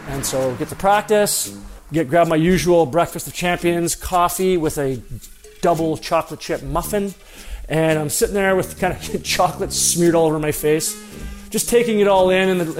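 Self-deprecating male storyteller, slightly high voice. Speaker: former pro hockey player telling a story. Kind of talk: personal anecdote storytelling.

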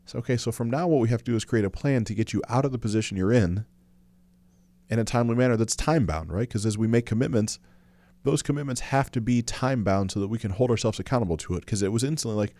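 A man's voice: mid-range voice, fast, warm tone, no room sound. A man co-hosting a podcast with his wife, talking bluntly and casually, owning his faults and swearing now and then. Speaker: podcast co-host.

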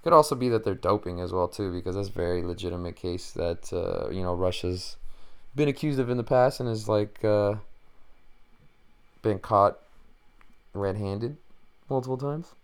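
A man's voice: fairly low pitch, normal speed, long pauses, smooth. A man hosting a podcast, chatting casually and rambling with lots of fillers and jokes. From Mexican-American. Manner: rambling, filler-heavy, joking. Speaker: podcast host. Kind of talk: casual solo chat.

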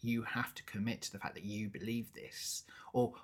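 A woman's voice: very deep voice, moderate pace, vocal fry, husky. A woman co-hosting a podcast, chatting casually and acting out characters' lines as she retells scenes. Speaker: podcast co-host. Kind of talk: casual chat about a musical.

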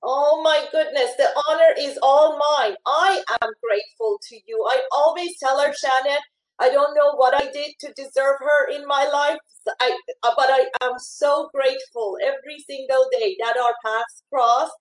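A woman speaking emotionally and haltingly, often repeating words as she voices her gratitude. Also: high voice, steady tone, echoey room, poor audio. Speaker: longtime staff member being thanked. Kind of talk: emotional heartfelt conversation.

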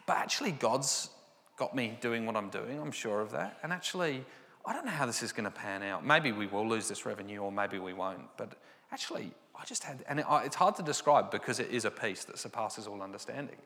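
A man's voice: lowish voice, lively intonation, fairly quick, fairly bright tone. A man giving a personal Christian testimony, storytelling and acting out the dialogue. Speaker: Christian speaker sharing testimony. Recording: long hall reverb.

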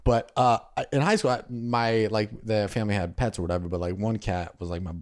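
A man's voice: on the low side, steady tone, a little fast, a little mellow. A man co-hosting a podcast in crude, joking casual chat, often acting out little scenes. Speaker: podcast co-host.

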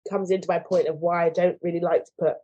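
A woman being interviewed as a guest speaks thoughtfully in a conversational exchange, acting out the voices of people she quotes. Her voice is lowish, steady, mellow and slightly rough, at a quick pace, on a muffled recording.

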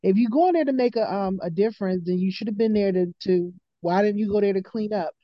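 A woman's voice: medium pitch, fairly quick, dry recording. A woman co-hosting a podcast, speaking bluntly and matter-of-factly in casual chat. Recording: dull, muffled mic.

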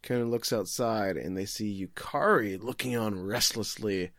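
A man's voice: on the low side, fairly bright tone, no room sound, studio quality. A young man casually recapping an anime episode as a podcast co-host, joking and acting out the characters' lines. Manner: joking, acts out characters' lines in quick voices. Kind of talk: casual chat.

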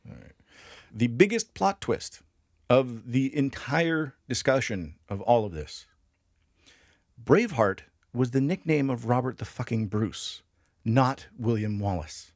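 A man's voice: medium pitch, very animated, measured pace, dry recording. Man, podcast co-host, casual history talk, jokey and profane, dry close sound. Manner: profane, jokey, laughs often.

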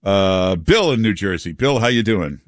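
A man hosting a talk radio show, joking and mocking in a casual, lively way. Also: fairly low pitch, moderate pace, dry recording, studio quality. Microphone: studio mic.

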